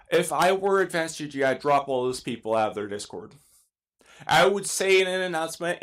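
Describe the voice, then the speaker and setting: A young man with a high, light voice rants through his commentary. He sounds exasperated and emphatic, swearing now and then as he argues his case. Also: fairly bright tone. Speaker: streamer giving commentary. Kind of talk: ranting commentary.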